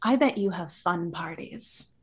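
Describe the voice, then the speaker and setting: A woman's voice: lowish voice, animated, measured pace, breathy edge. A woman playing her character in a tabletop role-play, playful and teasing. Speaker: player.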